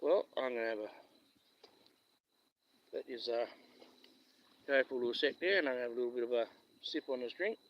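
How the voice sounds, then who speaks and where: Out fishing, a Western Australian man chats on a casual live stream, rambling through stories and chuckling along the way. He talks briskly at medium pitch with frequent pauses, and the recording sounds muffled.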